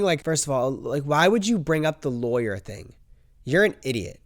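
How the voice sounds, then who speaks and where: A man's voice: fairly high pitch, very animated, moderate pace, no echo, clean studio sound. A young man, a bit sick, hosting his vlog and telling a story casually, peppering his talk with "bro" and "like.". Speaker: host.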